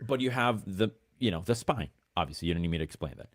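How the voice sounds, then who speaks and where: A man's voice: deep voice, expressive, fast, dry recording, clean studio sound. An American man talking football as a guest pundit on a video call, enthusiastic and self-deprecating. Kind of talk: casual football chat.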